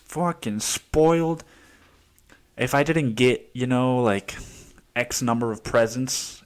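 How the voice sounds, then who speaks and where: A young man hosting a solo podcast, telling stories in a rambling, profane way with many restarts. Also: fairly low pitch. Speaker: podcast host. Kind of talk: casual solo monologue.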